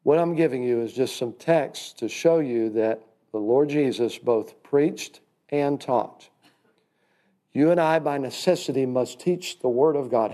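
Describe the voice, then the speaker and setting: A man's voice: medium pitch, mellow. A man teaching a church class in a sermon style, folksy and emphatic, calling his listeners friend.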